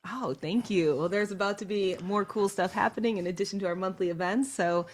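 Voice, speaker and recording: A woman hosting a casual interview in a club, her voice at an ordinary pitch. She sounds upbeat and encouraging as she asks her questions. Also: fairly quick. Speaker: interview host. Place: club venue indoors.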